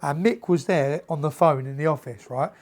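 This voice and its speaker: A man tells boxing-gym stories in casual chat, slightly higher-pitched than most men. He acts out the voices of the people in his stories and swears freely. The delivery is lively and conversational. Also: normal speed. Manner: animated anecdotes, acts out quoted dialogue, swears freely. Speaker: podcast guest, former professional boxer.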